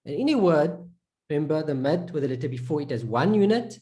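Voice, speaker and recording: A woman's voice: low-pitched, lively intonation, fairly quick, mellow. A woman teaching Arabic letter sounds in a step-by-step lesson. She drills each syllable patiently and repeats it, and she praises the learner's progress. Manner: encouraging, praises with "perfect" and "excellent".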